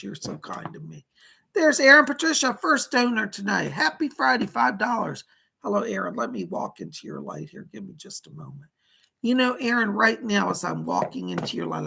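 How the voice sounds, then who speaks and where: Male psychic host, very gravelly, bright edge, husky; calm guide, then chatty. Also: a little high. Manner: soothing instructive guidance, then chatty and excited. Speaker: psychic medium. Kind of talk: live-streamed guided meditation and psychic readings.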